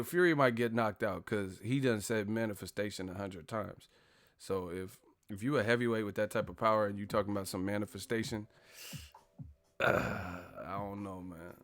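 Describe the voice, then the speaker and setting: A man's voice: on the low side, a bit bright. A man chatting casually on a live stream, laughing often, swearing and slipping into impressions of others. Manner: laughs often, profane, slangy, imitates others. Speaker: commentator.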